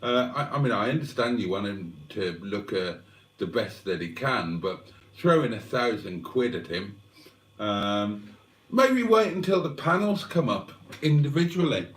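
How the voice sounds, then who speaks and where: A man hosting a livestream, chatting to viewers in a rambling, wry, self-mocking way and clearing his throat often. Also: lowish voice, animated, a little slow, fairly bright tone. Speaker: livestream host. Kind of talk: rambling casual chat to viewers. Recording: roomy sound, mic at a distance.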